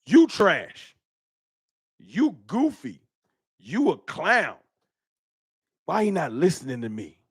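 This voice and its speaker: A man's voice: on the high side, wildly swooping pitch, takes it slowly, pauses often, breathy edge, dry recording, studio quality, exaggerated voice. A man acting out a sneering, sour adult male troll fan with a mocking, scornful manner.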